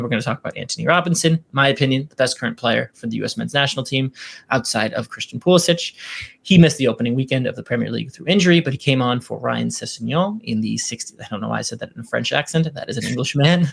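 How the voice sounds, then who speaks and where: A man with a gravelly, fry-edged voice at an ordinary middle pitch hosts a casual sports podcast. He talks through player news with plenty of ums and firm opinions. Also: fairly bright tone. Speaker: podcast host. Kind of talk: casual soccer podcast talk.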